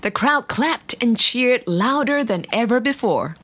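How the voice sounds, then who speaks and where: A woman reading a bedtime story aloud as narrator, in a gentle manner. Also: medium pitch, a little slow, few pauses.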